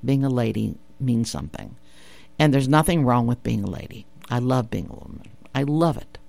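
A woman hosts a talk radio show, voicing her opinions emphatically. Her pitch leaps and falls in a lively way, she repeats her points and tosses out rhetorical questions. The sound is dry and close, with no room echo. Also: moderate pace, creaky. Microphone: studio radio mic.

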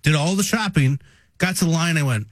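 A man co-hosting a radio show, joining the banter with quick teasing remarks and his own stories. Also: a little high, no echo. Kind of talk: casual talk radio banter.

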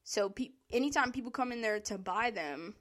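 A woman's voice: a little high, moderate pace, fairly bright tone. A young woman telling a casual, profane story about her work, laughing often as she talks. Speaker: store worker telling work stories.

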